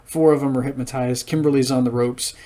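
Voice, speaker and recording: A man in his late thirties giving a casual solo episode review, chatting through the plot with frequent pauses and restarts. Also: mid-range voice, steady tone, mellow.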